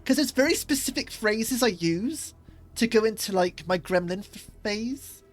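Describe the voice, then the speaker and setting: A woman's voice: medium pitch, expressive, a little slow, faint music behind. A woman streamer chatting casually as she plays, rambling a little with fillers. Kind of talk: casual gaming stream commentary.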